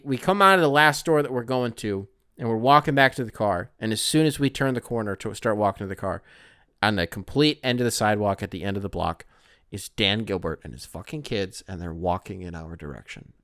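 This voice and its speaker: A man from the Detroit area tells a story on his podcast in a loose, rambling way, full of fillers and casual swearing. His voice is smooth and clear. The recording is close and dry. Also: medium pitch, brisk, fairly bright tone, no room sound. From Detroit area, Michigan. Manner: rambling, profane, lots of fillers. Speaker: podcast host.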